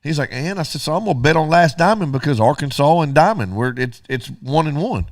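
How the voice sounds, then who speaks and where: A man's voice: on the high side, brisk, no room sound. Guy on a radio show, telling a story, doing both voices, dry sound. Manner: animated, acts out both sides of dialogue. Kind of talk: casual storytelling chat.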